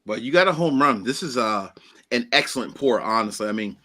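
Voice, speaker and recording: Bright-voiced man hosting a whiskey tasting. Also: medium pitch, fairly quick. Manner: animated, exclaiming, laughing often. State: eyes watering. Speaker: host. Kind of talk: casual whiskey tasting chat.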